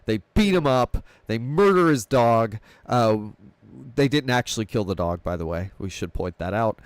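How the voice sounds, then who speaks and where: A man's voice: mid-range voice, lively intonation, clean tone, no echo. Rambling man, dry close sound. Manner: rambling, laughs often, retells scenes in quick quoted voices. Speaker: film podcast host. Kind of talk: casual film discussion.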